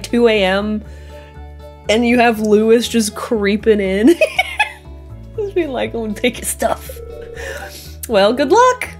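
Woman gamer, giggly and excitable, higher voice, faint game music behind. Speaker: gaming video host. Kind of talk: casual let's-play commentary.

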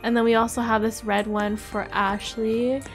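Giggly high-pitched woman. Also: normal speed, soft background music. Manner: giggly, excitable, with squealing high laughs and shouts. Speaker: roleplay host playing the mother. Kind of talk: playing a family roleplay game.

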